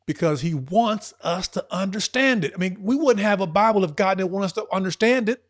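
An earnest man talking as a podcast guest, with a voice a touch high for a man. He presses his points with emphasis, rushing some phrases and stretching others out slowly. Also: animated. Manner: earnest and emphatic, speeding up and slowing down. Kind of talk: casual conversational podcast talk.

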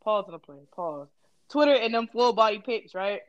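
A woman's voice: medium pitch, expressive, moderate pace, no echo, dull audio. Woman with exclaiming podcast asides. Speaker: podcast co-host. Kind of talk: casual chat.

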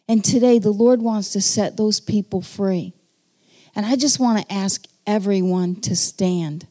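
A woman giving an earnest testimony sermon, telling her story with pauses and then calling the congregation to stand. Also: medium pitch, dark tone. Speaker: preacher.

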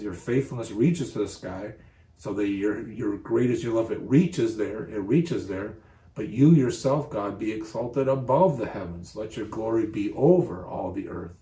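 Male preacher, sermon delivery, low mellow voice, earnest and emphatic, echoey room. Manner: earnest, emphatic when quoting scripture.

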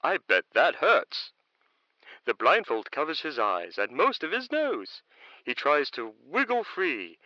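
A man's voice: on the high side, wildly swooping pitch, a little slow, pushed and bright, dry recording. Hooting theatrical guy narrating the story, voice jumping all over, dull lo-fi sound. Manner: theatrical, hooting, chuckling asides. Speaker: show narrator. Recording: dull lo-fi recording.

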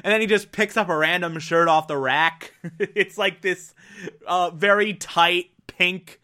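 A man gives a casual recap of a TV episode, taking his time and speaking slowly. His voice is bright and a little tense. He keeps dissolving into laughter and swears casually. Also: high voice. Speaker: TV episode reviewer.

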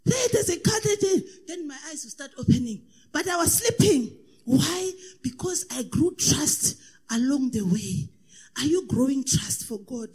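Woman preacher, really high voice, sing-song sermon, shouts then goes quiet. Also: lively intonation, measured pace. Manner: impassioned preaching, swings from shouting to hushed; sing-song cadence, repeats praise refrains.

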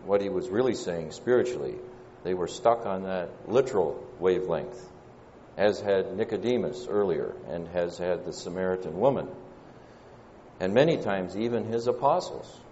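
Southern male preacher, deep-voiced, halting and thoughtful, heard on a lo-fi recording from a big echoing hall. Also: animated, mellow, slight background noise. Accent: Southern American. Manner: measured, pausing delivery with frequent "uh" fillers. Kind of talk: sermon. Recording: dull lo-fi church recording with long reverb.

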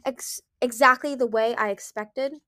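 A woman's voice: fairly high pitch, steady tone, a little slow, fairly bright tone, voice pushed up. Brief: worried young female dragon, defensive and wary, woman reader. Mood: anxious. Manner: nervous, wary, protesting. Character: anxious young female dragon keeping a secret.

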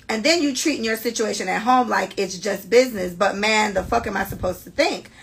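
A woman's voice: fairly high pitch, vocal fry, fairly bright tone, husky. A woman co-hosting a casual podcast, blunt and profane as she reads out and reacts to listener stories. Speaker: podcast co-host.

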